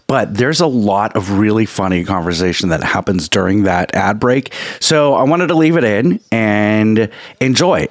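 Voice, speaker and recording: A man's voice: lowish voice, no echo, clean studio sound. A man co-hosting a podcast, reading comic summaries with a wry, teasing delivery. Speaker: podcast co-host.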